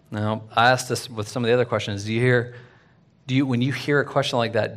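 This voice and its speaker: A man preaching a sermon in a casual, conversational way, full of fillers and "right?", swinging from loud and lively to quiet. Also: medium pitch, fast talker. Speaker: pastor.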